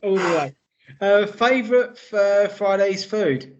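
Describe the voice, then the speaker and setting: A man's voice: high-pitched, slow. A man hosting an interview, asking questions eagerly with lots of fillers and laughter. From United Kingdom. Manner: enthusiastic, laughs a lot, filler-heavy questions. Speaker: interviewer, host. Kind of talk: casual interview. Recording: dull lo-fi audio.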